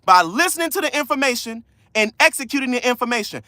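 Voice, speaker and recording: A man coaching viewers on a livestream, loud, slangy and preachy, repeating key lines. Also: very high voice, animated, quick pace, no room sound, studio quality. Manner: casual slangy speech. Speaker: credit coach hosting a livestream. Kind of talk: motivational livestream talk.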